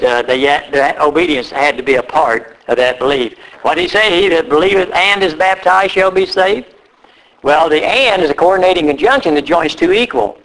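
A man preaching a sermon, reading scripture slowly and repeating key phrases with rising emphasis. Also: a little high, fairly bright tone, poor audio. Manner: reads scripture aloud slowly.

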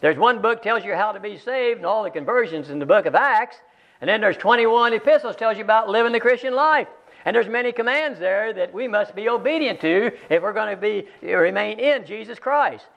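A man's voice: high voice, lively intonation, fairly quick, gravelly. A man preaching a sermon, emphatic, repeating key phrases for weight. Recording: dull lo-fi sermon recording.

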